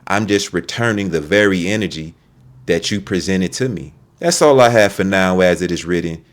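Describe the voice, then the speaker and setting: A man's voice: low-pitched, normal speed. A man recording a ranting commentary video, heated and profane, often repeating and restarting his words. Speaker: online video creator.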